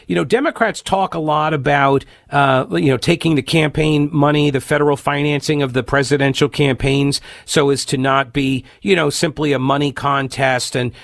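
A man hosting a political talk radio show, giving animated, exasperated commentary with many fillers and restarts. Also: on the high side, creaky, dry recording, clean studio sound.

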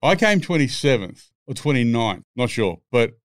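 A man's voice: medium pitch, big pitch swings, normal speed, dry recording, clean studio sound. A man, telling rambling, swear-filled stories as a podcast guest. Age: 60s. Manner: profane, rambling anecdotes. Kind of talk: casual storytelling.

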